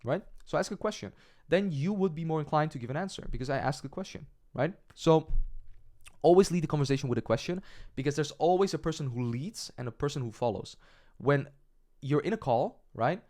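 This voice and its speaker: An agency coach, a young adult man, delivers a sales lesson on cold-calling in a fairly high, expressive, slightly mellow voice at a brisk pace. He's direct, plays out sample calls, and often asks "right?"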